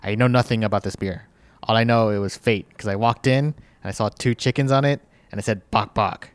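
Low-voiced man explaining beer. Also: steady tone, brisk, smooth, no room sound. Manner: hesitant, with fillers and restarts. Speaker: podcast co-host. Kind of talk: casual chat.

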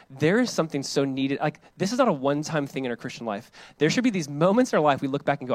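Conversational pastor preaching in a dry room. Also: male voice, a little high, very animated, racing, dry recording. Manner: conversational, acts out voices in quotes; drops to a soft hush for reflective passages. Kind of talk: sermon.

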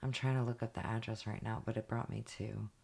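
This is a woman co-hosting a laid-back podcast. Her voice has a gravelly, creaky texture. She talks in an easygoing way but keeps losing her words and filling the gaps with ums and likes. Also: very deep voice, fairly even intonation, darkish tone. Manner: halting, gropes for words with fillers. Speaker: podcast co-host. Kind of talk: casual chat.

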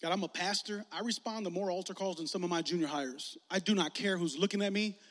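A young man preaching as a youth pastor in a casual, animated way, acting out quoted voices as he leads an altar call. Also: sits high, fast talker. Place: large hall with audience. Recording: long hall reverb.

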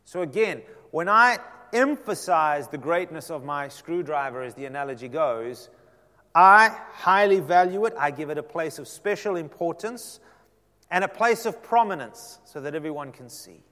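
A man's voice: a little high, animated, moderate pace. Preaching man in a reverberant church. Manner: preaching with dramatic swings from loud emphasis to soft near-whisper. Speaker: pastor. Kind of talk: sermon. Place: church sanctuary. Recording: long hall reverb.

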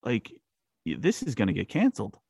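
Gravelly low-voiced podcast host. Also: male voice, brisk, no echo, studio quality. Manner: rambling, filler-heavy, animated. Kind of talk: casual film chat.

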